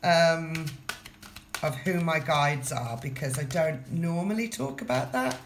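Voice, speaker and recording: Chatty low-voiced woman reading tarot. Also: unhurried, slight background noise. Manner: chatty, repeats phrases, addresses the viewer directly. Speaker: tarot reader. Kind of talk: casual tarot reading to camera.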